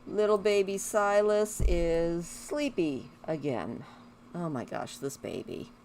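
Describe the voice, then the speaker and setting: Slow-talking woman chatting over a game. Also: lowish voice, lively intonation, a little mellow, a little hiss or hum. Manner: chatty, rambling, talks to her game characters. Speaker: gaming YouTuber. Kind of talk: casual let's-play commentary.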